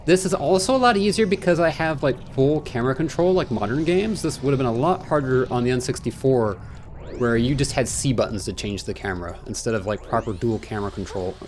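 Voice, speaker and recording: A man casually commentating his video game playthrough, excitable and jokey, rambling with panicky outbursts. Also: mid-range voice, a little fast, a little hiss or hum. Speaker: gaming channel host. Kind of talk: casual let's-play commentary.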